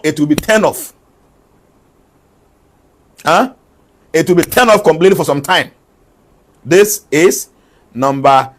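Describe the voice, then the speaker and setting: A man with a somewhat raised pitch reads out prophetic forecasts by number. He repeats each point and slips between English and a local language as he explains. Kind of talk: numbered predictions mixed with local-language asides.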